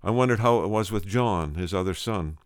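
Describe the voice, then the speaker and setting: A man's voice: lowish voice, brisk, smooth, dry recording, studio quality. A male preacher telling a story in a sermon, earnest, restarting phrases and repeating words for emphasis.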